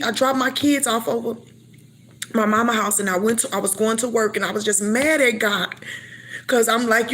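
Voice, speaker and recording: A middle-aged woman shares a personal faith testimony as emotional storytelling, acting out past conversations and often repeating or restarting her words. Her voice is a little high and a bit bright, with a steady tone at a moderate pace.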